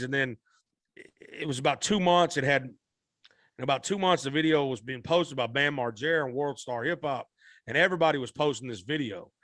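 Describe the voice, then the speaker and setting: A man with a medium-pitched, bright, forceful voice appears as a musician guest on a podcast, recorded dry at studio quality. He tells a rambling, folksy story in a Southern style, repeating himself and restarting.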